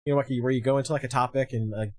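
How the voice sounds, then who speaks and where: A man's voice: medium pitch, steady tone, very fast, dry recording. A man co-hosting a podcast, joking and teasing the guest in casual chat. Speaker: podcast co-host.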